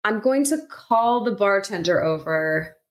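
A woman's voice: medium pitch, animated, measured pace. Woman, tabletop game player, casual, lighthearted, laughs a lot.

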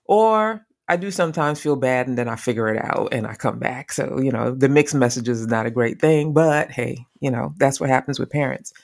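A woman's voice: rumbling low, moderate pace, creaky, few pauses. A woman co-hosting a casual chat show with her sister, telling stories with frequent laughter. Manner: laughs often, animated storytelling. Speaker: podcast co-host.

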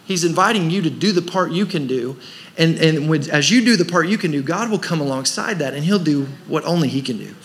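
A man's voice: on the high side, lively intonation, fairly quick, a bit bright. A man preaching a sermon as pastor of a church, pressing his points with rhetorical questions and rising emphasis. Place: church service.

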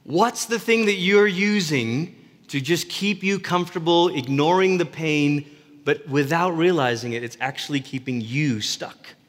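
A man's voice: on the high side, unhurried. A man preaching a sermon as a pastor, earnest and conversational, often restarting his words. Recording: reverberant hall.

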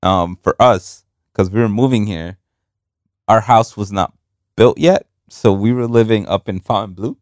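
A man's voice: on the low side, normal speed, dry recording, clean studio sound. A man in his thirties from New York, co-hosting a casual chat over beers, telling stories with frequent laughs and a few Spanish words. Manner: animated storytelling, laughs often, mixes in Spanish words. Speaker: podcast co-host.

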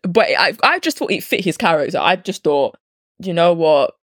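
A woman's voice: fairly low pitch, big pitch swings, normal speed, fairly bright tone, no room sound, clean studio sound. A woman co-hosting a casual film podcast, talking animatedly and acting out her own reactions. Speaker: podcast co-host.

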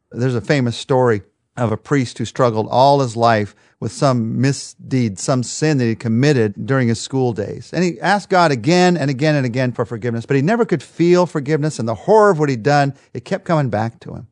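A man's voice: mid-range voice, darkish tone, dry recording, studio quality. A man preaching a devotional sermon, emphatic, with a repetitive rhetorical rhythm.

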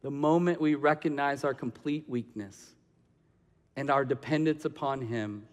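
A man's voice: mid-range voice, steady tone, a little slow, long reverb tail. A man preaching a sermon, telling a personal story that builds into impassioned preaching. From Michigan. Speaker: pastor.

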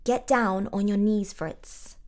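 A woman's voice: steady tone, slow pace, a little mellow, lightly acted. A woman putting on a stern German mother. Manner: firm, commanding, rising in pitch. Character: stern German mother leading family worship.

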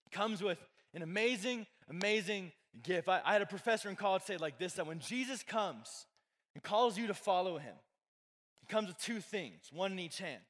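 A man's voice: high voice, lively intonation, moderate pace, fairly bright tone. A young man giving a casual youth sermon, chatty, full of fillers and joking with the crowd. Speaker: youth pastor. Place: church hall with a live audience. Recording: long hall reverb.

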